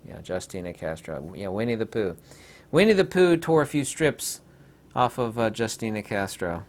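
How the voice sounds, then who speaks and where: A man's voice: mid-range voice, very animated, normal speed. A man hosting a rambling, sarcastic commentary video, full of digressions and mocking asides.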